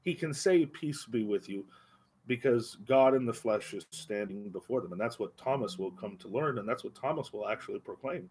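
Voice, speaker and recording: Man, husky tone, leads a church Bible study with earnest emphasis. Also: medium pitch, lively intonation, darkish tone. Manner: earnest, emphatic, slows down on key phrases. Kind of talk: adult Bible class teaching. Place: church classroom. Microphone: livestream microphone.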